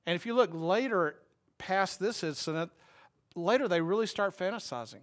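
A man preaching a sermon in a slightly higher voice than most men. He talks in a wry, conversational way, often turning to his listeners with a question. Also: lively intonation, fairly quick, fairly bright tone. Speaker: pastor.

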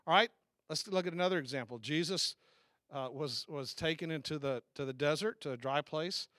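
A man's voice: fairly high pitch, brisk, pushed and bright, no echo, studio quality. Man preaching a folksy sermon. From American South. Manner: conversational preaching with rhetorical questions and restarts. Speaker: pastor.

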